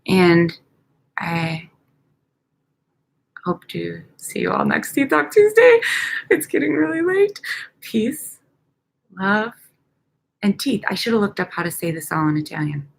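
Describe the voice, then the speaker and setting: A woman's voice: medium pitch, wildly swooping pitch, a little slow, vocal fry, pauses often. Young woman with a Chicago accent, casual vlog host; upbeat, rambling, giggly delivery, recorded outdoors at night. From United States. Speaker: dental hygienist vlogger.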